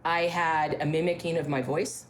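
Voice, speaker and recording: A woman from a ranch telling ghost stories in casual talk, emphatic, with halting restarts and key phrases repeated. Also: low-pitched, fairly even intonation, slight background noise. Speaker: ranch staff member interviewed about ghost stories. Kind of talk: casual spoken storytelling.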